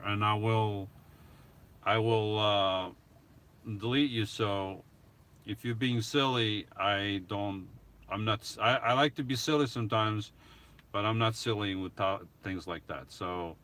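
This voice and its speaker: A man's voice: lowish voice, a little slow, long pauses, a bit bright, smooth. A man hosting a livestream, rambling casually as he answers viewer comments. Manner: rambling, self-correcting, chatty. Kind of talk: casual live chat.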